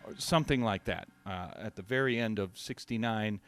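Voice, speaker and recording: A man teaching drums, talking through a song in a relaxed way and often checking in with "right?". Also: lowish voice, normal speed, slight background noise. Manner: thinks aloud with restarts, says "right?" often. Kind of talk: relaxed instructional talk. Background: loud music and drum track.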